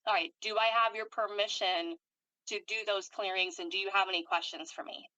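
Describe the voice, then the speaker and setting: Woman energy healer leading a guided clearing; bright, steady, instructive; dry video-call sound. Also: mid-range voice, fairly quick, no echo, highs cut off. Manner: calm, steady, instructive, recites long lists of commands. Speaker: energy worker and channeler.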